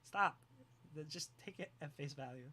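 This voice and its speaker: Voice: medium pitch, moderate pace, bright, forceful tone. A live streamer chatting casually with viewers, joking, teasing and often breaking into laughter.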